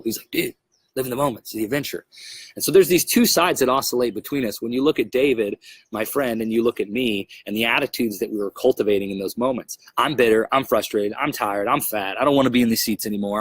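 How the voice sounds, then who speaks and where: A young adult man hosting a podcast, telling a travel story in a casual, animated way and acting out his own frustrated outbursts. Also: lowish voice, slightly rough, no room sound. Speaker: podcast host.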